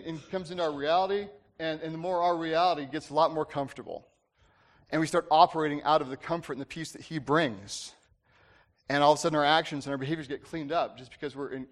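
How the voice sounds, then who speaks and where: A man preaching a casual sermon, talking to the congregation conversationally, often checking in with "right?" and restarting his sentences. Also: fairly high pitch. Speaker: pastor.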